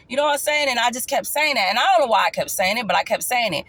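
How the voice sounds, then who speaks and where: Woman vlogger, casual storytime, emphatic, repeats herself, jumps up in pitch to stress a point. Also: expressive, very fast, few pauses, a bit bright. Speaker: vlogger telling her life story.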